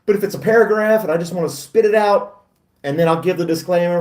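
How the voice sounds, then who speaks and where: A man's voice: high voice, quick pace, a little mellow, reverberant, far from the mic. A middle-aged man hosting a casual chat, talking in a chatty, self-deprecating way and laughing often. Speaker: host.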